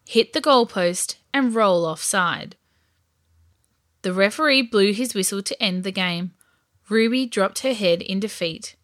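Bright, lively woman storyteller. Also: mid-range voice, no echo, clean studio sound. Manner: lively, expressive. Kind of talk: scripted storybook narration.

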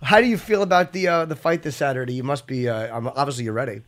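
A man's voice: medium pitch, fast talker. A man co-hosting a podcast, chatting casually with crude, blunt humor. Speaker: podcast co-host. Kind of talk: casual chat.

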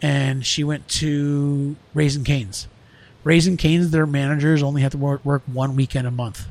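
A middle-aged restaurant owner talking earnestly in a casual podcast conversation, rambling with lots of fillers. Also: male voice, a little high, flat delivery, moderate pace, a little mellow.

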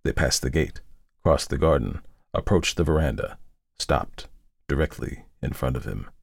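Hoarse, low-voiced male storyteller. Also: moderate pace, dry recording, clean studio sound. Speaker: podcast host and narrator. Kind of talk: scripted story narration.

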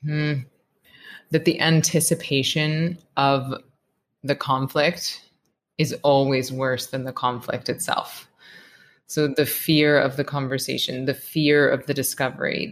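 A woman in her thirties, a meditation teacher, talking reflectively and earnestly as a podcast guest. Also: deep voice. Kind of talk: podcast interview.

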